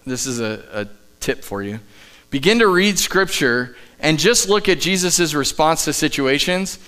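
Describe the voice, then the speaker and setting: A man delivers a live church sermon as pastor, his voice smooth and a touch higher than most men's. He preaches with emphasis, then drops to soft, quiet asides. A faint electrical hum sits under the recording. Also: animated, unhurried. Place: church sanctuary, live service.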